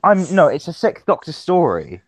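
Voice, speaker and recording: A young man hosts a casual podcast chat, rambling, restarting and stumbling over his words. His voice is on the high side and sing-song at a normal speed, captured in a rough recording with no echo.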